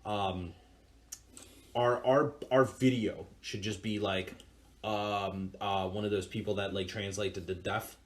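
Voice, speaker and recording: A man's voice: fairly low pitch, fairly even intonation, measured pace. A young man co-hosting a podcast, riffing in laid-back, profane casual chat. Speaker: podcast co-host.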